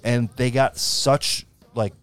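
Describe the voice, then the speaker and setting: A man in his thirties co-hosting a podcast, chatting in a rambling way and quick to laugh. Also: medium pitch, fairly even intonation, smooth, soft background music. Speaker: podcast co-host. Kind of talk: casual chat.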